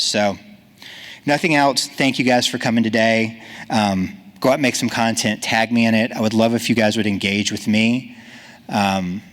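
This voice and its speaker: A man's voice: lowish voice, a bit bright. A man giving a conference talk in an earnest, casual, encouraging way. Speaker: conference speaker.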